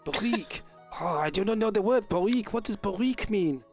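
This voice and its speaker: Casting note: man playing a stuttering elf lady, flustered, higher-set voice, soft music behind. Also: expressive, slow pace, exaggerated voice. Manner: stammering, flustered, many fillers. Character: stammering archaic elf woman with odd accent.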